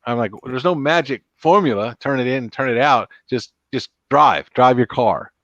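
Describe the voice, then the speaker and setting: A man's voice: mid-range voice, normal speed, fairly bright tone, no room sound, muffled recording. Man, live stream host, casual rambling chat, corny jokes, dry close sound. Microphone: computer mic.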